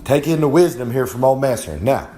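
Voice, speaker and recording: With big pitch swings around a medium pitch, a young man talks a little fast in a dark tone amid slight background noise. He's a Southern wrestler recording a casual podcast segment in his home trailer, drawling folksily and speaking of himself by name in the third person.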